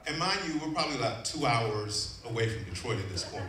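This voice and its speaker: A man from Chicago telling a personal story live on stage, animated and often laughing. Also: mid-range voice, brisk, hardly any pauses. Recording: echoey venue, distant mic, audience. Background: audience.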